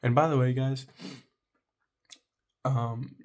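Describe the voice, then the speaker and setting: Blunt rambling man, mid-pitched voice. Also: fairly even intonation, takes it slowly, a little mellow. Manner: rambling and blunt, keeps asking "right?"; swears casually. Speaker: vlogger. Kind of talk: casual dating-advice monologue.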